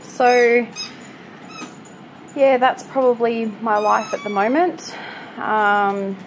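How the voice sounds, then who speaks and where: A woman's voice: on the high side, steady tone, slow pace, slight background noise, low-quality recording. A woman in her twenties giving a candid, hesitant update on her recovery from home, with lots of "you know" fillers while she is still on crutches. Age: 20s. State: recovering from hip surgery, on crutches. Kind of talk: casual personal update. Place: at home with pets nearby.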